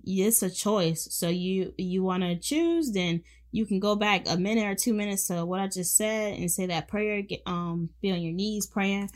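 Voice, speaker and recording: A young woman hosting a faith podcast, speaking fervently and affectionately, repeating phrases for emphasis and calling her listeners honey and baby. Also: mid-range voice. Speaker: podcast host.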